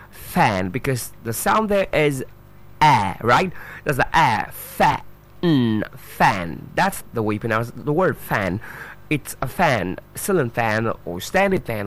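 Animated male pronunciation teacher. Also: medium pitch. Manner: spells out words letter by letter and repeats them slowly; instructive, checks in with "right?" and "okay?". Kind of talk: spoken pronunciation lesson.

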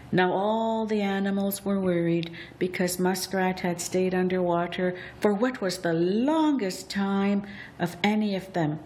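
A woman narrates a traditional tale at an unhurried pace, drawing out each moment. Her delivery is deliberate and expressive. Faint noise hums in the background. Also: lowish voice. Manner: slow, deliberate, expressive storytelling. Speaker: storyteller. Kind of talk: storybook narration.

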